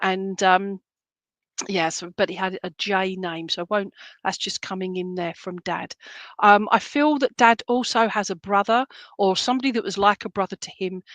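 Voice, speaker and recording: A woman works as a medium, giving a reading in a loose, searching way with many ums and restarts. Her voice sits at a middling pitch. The recording is close and dry, with no room sound. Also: fairly even intonation, fairly bright tone, no room sound. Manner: halting, searching, full of fillers and restarts; relays spirit messages in a chatty, jokey way. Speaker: spiritualist medium. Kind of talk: clairvoyant reading in an online church service.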